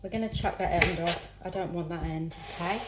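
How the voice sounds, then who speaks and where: Heavy background noise surrounds this woman's brisk, fairly low voice as she vlogs from her home kitchen. She casually talks to herself and her viewers while cutting vegetables, with pans clattering in the echoey space.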